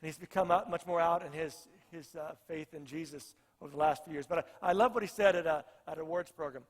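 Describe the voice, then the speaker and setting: A man's voice: on the high side, fast talker, in a large hall. A male pastor preaching a sermon, earnest and repeating phrases for emphasis.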